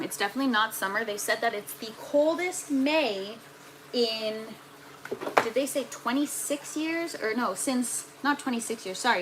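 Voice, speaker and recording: A woman's voice: a little high, noisy background. A woman, hosting a casual gardening livestream from her indoor grow tent and chatting with viewers as she works. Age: 30s. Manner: chatty, talks to viewers and reads their comments aloud. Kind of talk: casual live-stream chat.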